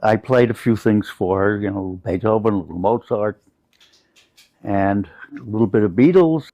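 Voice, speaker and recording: Older man, low voice, dry close recording, interview guest, reflective storytelling. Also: moderate pace, mellow, no echo, poor audio. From United States.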